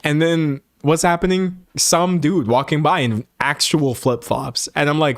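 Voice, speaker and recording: Lively young man chatting with comments. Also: on the high side, measured pace, hardly any pauses, dry recording, clean studio sound. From Texas. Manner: animated, mock-dramatic voices for quoted comments. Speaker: streamer. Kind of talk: casual chat reading live comments. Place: home room with a set backdrop.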